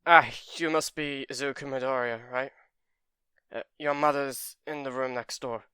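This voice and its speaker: A man voicing a calm adult male hospital doctor who speaks softly and hesitantly. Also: medium pitch, normal speed, clear, resonant tone, no echo, clean studio sound, close to an everyday voice. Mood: sombre. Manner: hesitant, soft and apologetic.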